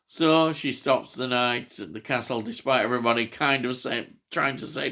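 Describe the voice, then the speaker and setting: A man's voice: medium pitch, moderate pace, hardly any pauses, pushed and bright. A man chatting casually about a film, hesitant with lots of fillers but enthusiastic. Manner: hesitant, many fillers and restarts. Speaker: film reviewer. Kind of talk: casual film review chat.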